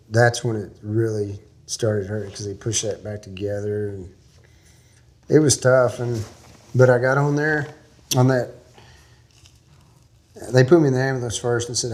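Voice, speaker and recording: A man's voice: mid-range voice, vocal fry, darkish tone. A man from Texas, a guest in an interview, telling a long story in a folksy, rambling way with small laughs.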